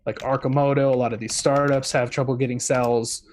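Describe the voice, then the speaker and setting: A man's voice: medium pitch, flat delivery, brisk, darkish tone, slight background noise. A man in a casual chat as a guest correspondent, rambling with many fillers.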